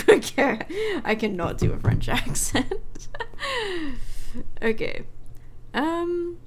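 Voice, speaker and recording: Chatty, expressive woman gaming streamer. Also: high-pitched, drawn-out words, long pauses. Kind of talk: casual let's-play commentary.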